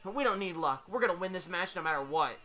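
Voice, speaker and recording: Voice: medium pitch, lively intonation, fast talker, pushed and bright. A narrator voicing a brash, cocky little animal fighter. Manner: brash, dismissive.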